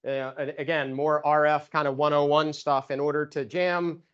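A man's voice: fairly high pitch, level tone, moderate pace, clean tone, lo-fi sound. A man giving an informal lecture on electronic warfare, talking casually with many fillers and restarts. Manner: casual, filler-heavy, self-correcting. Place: lecture room.

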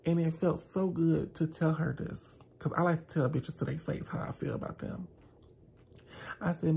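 A vlogger telling a dramatic storytime, acting out both sides and slowing down to stress key lines. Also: medium pitch, fairly even intonation, gravelly, mellow, husky. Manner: dramatic retelling, slows down for emphasis, acts out both sides. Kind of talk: storytime vlog.

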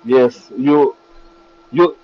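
A man on a video chat speaking broken English, calmly mocking and repeating the same lines. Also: medium pitch, extremely slow. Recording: dull lo-fi sound.

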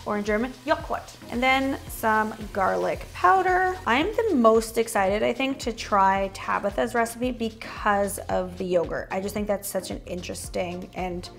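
A woman's voice: a little high, creaky. A young woman chatting casually through a cooking demonstration in a home kitchen, with joking asides as she goes. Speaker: cooking vlogger.

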